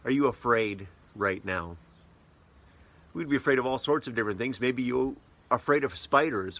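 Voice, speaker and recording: A playful, conversational pastor. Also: male voice, medium pitch, a bit bright. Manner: conversational, playful, asks the listener questions. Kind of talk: sermon.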